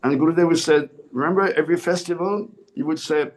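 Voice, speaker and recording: Earnest swami man, fairly high voice. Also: fast. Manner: earnest, repeats and corrects himself mid-phrase. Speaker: swami giving a spiritual discourse. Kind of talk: sermon.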